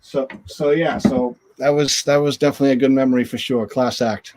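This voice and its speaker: Animated man telling stories. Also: medium pitch, brisk. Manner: animated, acts out quotes in raised voice. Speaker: former hockey goalie, guest. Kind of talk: storytelling in an interview. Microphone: video call.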